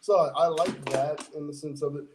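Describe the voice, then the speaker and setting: An animated man on a wrestling podcast talks with a slightly higher voice than most men. He laughs easily and acts out what others say. His voice carries a roomy echo. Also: brisk, heavy background noise. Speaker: podcast co-host. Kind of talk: casual wrestling chat.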